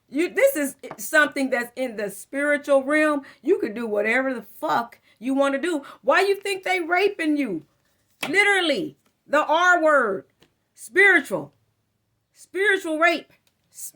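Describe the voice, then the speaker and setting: High-voiced, blunt, swearing woman tarot reader. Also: pushed and bright. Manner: blunt, profane, fired-up. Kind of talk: casual live tarot reading. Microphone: phone.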